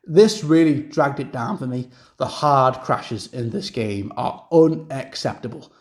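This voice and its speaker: A man's voice: mid-range voice, animated, unhurried. A young man rambling through a casual video game review rant, repeating himself and using lots of fillers.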